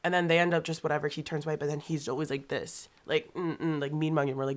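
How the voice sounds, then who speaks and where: A young woman with a low, deep voice tells a story in a loose podcast chat. She swears freely and acts out what others said. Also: little pitch movement, fast. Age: young adult. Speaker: podcast guest. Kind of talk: casual storytelling.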